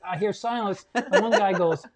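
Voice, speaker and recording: A man, a guest comedian telling a story on a podcast, animated and loud, acting out the scenes and swearing. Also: high voice, moderate pace, a loud crowd.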